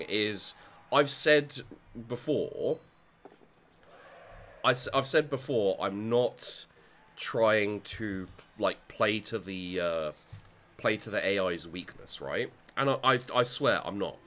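A man gives let's play commentary on his own game. His lowish voice is bright and forceful, and it swings widely as he reacts. He thinks aloud and curses freely, with a faint hum behind him. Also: lively intonation, slow pace. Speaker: gaming channel host.

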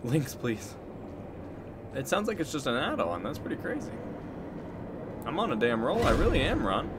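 An excitable male streamer commentating his gameplay live, joking and swearing as he talks to chat. His pitch jumps around a lot, and steady background noise sits under his stream mic. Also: normal speed. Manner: excitable, joking, swears freely, chats to viewers. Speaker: game streamer.

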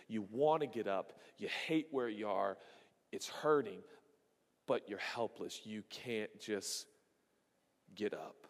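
A man preaching a sermon as a pastor, telling a story with lively, acted-out exclamations and quick asides to the congregation. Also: on the low side, big-room sound.

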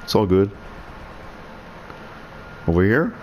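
A man's voice: on the low side, big pitch swings, slow, muffled recording, a little hiss or hum. A man giving sarcastic, swearing commentary on his own online shooter match, muttering in frustration, a non-native speaker of English whose first language is French. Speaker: gaming streamer. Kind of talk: live gameplay commentary.

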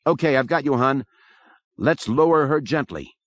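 A man's voice: mid-range voice, lively intonation, moderate pace, no room sound, highs cut off, voice pushed up, lightly acted. A man reading aloud, voicing a brash, wisecracking young man. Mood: urgent.

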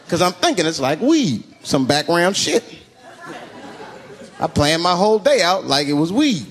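A man performing stand-up comedy, telling a story in an animated way that swings between loud bursts and muttered asides. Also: on the high side, a little fast. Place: comedy stage before a live audience. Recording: live stage recording with crowd noise. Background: audience laughter.

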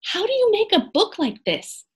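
A woman voicing an eager, excitable young girl in a read-aloud storybook. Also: normal speed, full character voice. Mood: curious. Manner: high, excited exclamations.

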